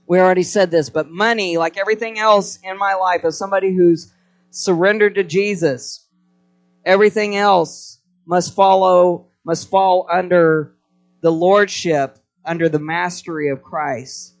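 A man's voice: high-pitched, steady tone, a little slow. A man preaching a live sermon to a congregation, telling stories with energy and prompting the crowd to respond. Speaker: pastor.

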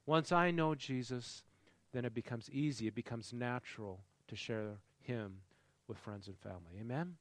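A man's voice: medium pitch, moderate pace, few pauses, no echo. A man preaching a sermon in a conversational way, often asking the congregation questions. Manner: engaging, quizzes the congregation. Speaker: pastor.

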